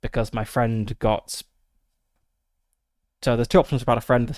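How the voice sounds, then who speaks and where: A man's voice: medium pitch, level tone, quick pace, no room sound, studio quality. A man streaming a solo tabletop game, reading out the gamebook text and muttering through his dice rolls with many fillers.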